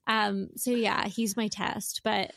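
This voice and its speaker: Woman, 30s, casual podcast co-host; talkative, filler-heavy delivery, mid pitch, dry close-miked sound. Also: level tone, slow, vocal fry, fairly bright tone, no room sound. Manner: chatty, lots of filler words. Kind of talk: casual chat.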